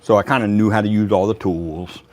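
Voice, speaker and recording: A man's voice: on the low side, fairly even intonation, fairly quick, a little mellow, slight background noise. A man hosting a woodworking channel, chatting casually to a live audience in a laid-back, rambling way. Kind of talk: casual livestream chat.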